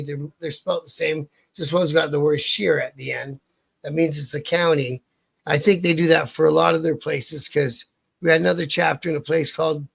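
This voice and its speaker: A Canadian man, an outlaw biker appearing as an interview guest, tells a casual, rambling, profane story, constantly interrupting himself and starting over. His voice is fairly high and gravelly with a breathy edge.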